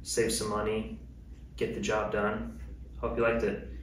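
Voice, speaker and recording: A man giving a relaxed, upbeat how-to demonstration while handling gear in his home gym. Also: on the low side, measured pace. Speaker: fitness vlogger. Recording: very echoey room, distant mic, faint noise.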